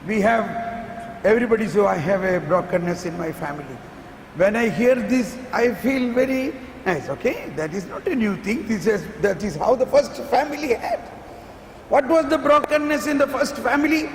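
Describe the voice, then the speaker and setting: Male retreat preacher, very high voice with gravel, emphatic sermon, long hall echo. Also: expressive, normal speed. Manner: emphatic, rhetorical questions, acts out dialogue. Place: large church hall. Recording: echoey hall, faint room noise.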